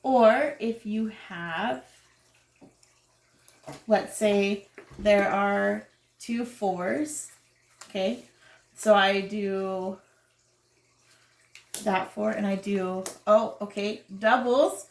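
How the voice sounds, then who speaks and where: A woman's voice: mid-range voice, steady tone, drawn-out words, vocal fry, pauses often, echoey room. A woman casually explaining the rules of a card game step by step.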